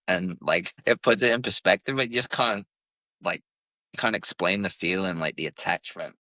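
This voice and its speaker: A man's voice: low voice, brisk, pushed and bright, no room sound. A man co-hosting a podcast, chatting candidly and rambling, with heavy use of "like". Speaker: podcast co-host. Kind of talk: casual chat.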